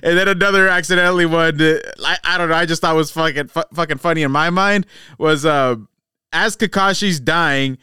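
A man's voice: a little high, fairly quick, clean tone, no room sound, studio quality. A man co-hosting a podcast in casual chat, telling funny bits animatedly and swearing freely. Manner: animated, profane storyteller. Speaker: podcast co-host.

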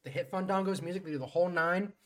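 A man's voice: fast talker, a bit bright. Profane man narrating a recap. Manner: profane, storytelling, mimics people in high voices. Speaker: podcast co-host. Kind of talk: casual recap chat.

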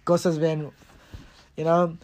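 A man's voice: on the high side, little pitch movement, slow, a little mellow. A young man hosting a casual podcast, joking and talking loosely with lots of fillers. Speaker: podcast host. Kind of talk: casual chat.

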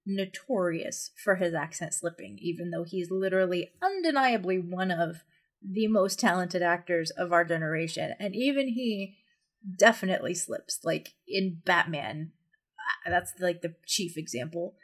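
A woman with a husky, slightly low voice chats casually as a podcast co-host. She talks loosely, with fillers and quick laughs. Her tone is relaxed and conversational. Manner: chatty, quotes lines in mock accents, laughs often. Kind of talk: casual chat.

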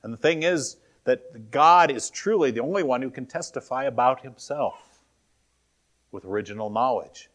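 A man's voice: medium pitch, normal speed, fairly bright tone. Man preaching an earnest sermon. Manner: earnest, emphatic preaching with quoted scripture. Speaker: pastor.

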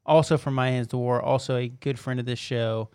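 A man co-hosting a casual podcast, upbeat and laughing often as he shouts out friends. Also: medium pitch, fairly even intonation, brisk, clean tone, dry recording, clean studio sound. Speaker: podcast co-host. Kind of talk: casual chat. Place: temporary recording space with noise behind.

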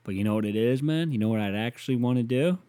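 A man hosting a solo podcast, rambling and swearing as he answers listener email, swinging from loud rants to muttered asides. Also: mid-range voice, quick pace. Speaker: podcast host.

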